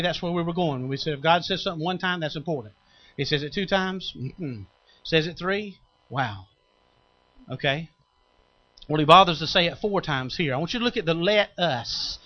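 A man preaching a sermon, swinging from booming calls to quiet, intimate asides. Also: lo-fi sound. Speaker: pastor.

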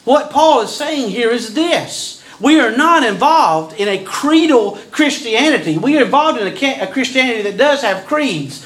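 High, lively preaching man. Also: low-quality recording. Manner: preaching with sudden loud outbursts and dramatic pauses. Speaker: pastor. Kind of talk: sermon.

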